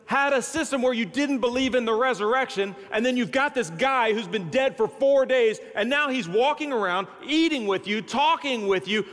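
A man's voice: extremely high pitch, fairly bright tone. A man preaching a sermon as pastor, telling the story dramatically and acting out the voices of its people. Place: large church sanctuary. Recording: long reverb of a large hall.

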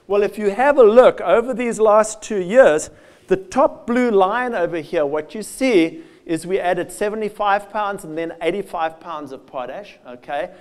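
A man giving a lively, conversational field day presentation with slides, addressing farmers directly and joking at his own expense. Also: sits high, unhurried. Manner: lively with self-deprecating asides. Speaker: soil health speaker.

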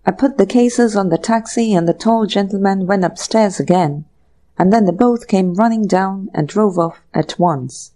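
A woman's voice: mid-range voice, moderate pace, dark tone, natural voice. A woman voicing a polite, apologetic male manservant in an audiobook reading. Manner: respectful, ends phrases with "sir".

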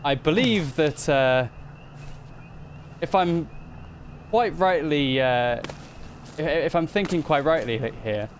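Excitable man playing a game. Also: a little high, slow pace, pauses often, a little hiss or hum. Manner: chatty, excitable, narrates his own moves. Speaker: gaming video host. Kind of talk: let's play commentary.

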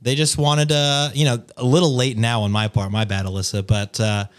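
A man's voice: medium pitch, flat delivery, moderate pace, smooth. A man co-hosting a podcast, chatting and joking in an easygoing way with lots of fillers. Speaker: podcast co-host. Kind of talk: casual podcast banter.

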